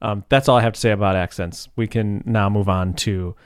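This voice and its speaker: A man's voice: fairly low pitch, fairly even intonation, a little fast, smooth, no room sound, studio quality. A young man co-hosting a podcast, joking around in casual chat. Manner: playful, jokey, laughs often. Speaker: podcast co-host.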